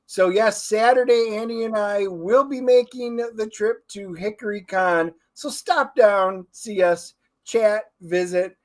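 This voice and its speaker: A man's voice: high voice, takes it slowly, hardly any pauses. Playful male co-host. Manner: playful, joking plugs and banter. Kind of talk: casual interview chat.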